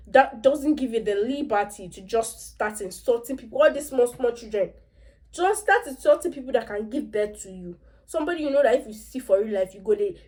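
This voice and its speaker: A young Nigerian woman vlogger recaps a series episode in a casual, chatty, opinionated reaction, dropping asides in Pidgin and Yoruba. Her voice is a little high and a little mellow.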